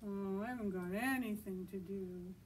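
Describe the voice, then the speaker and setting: A woman's voice: medium pitch, moderate pace, a little hiss or hum, natural voice. A woman voicing a young, boastful, lonely male dragon in a children's storytime reading, eager and pleading. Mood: forlorn.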